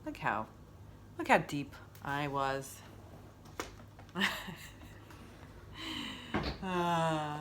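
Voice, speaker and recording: A woman's voice: on the low side, animated, slow pace, pauses often, pushed and bright, a little hiss or hum. A middle-aged woman hosting a wellness stream in casual chat, rambling and openly emotional as she talks.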